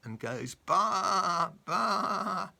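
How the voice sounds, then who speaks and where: A man voicing a rude, scornful male pig in a children's storybook, raised and loud above his reading voice. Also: high-pitched, big pitch swings, extremely slow, gravelly, voice pushed up, full character voice. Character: rude smug male pig, fat and pink.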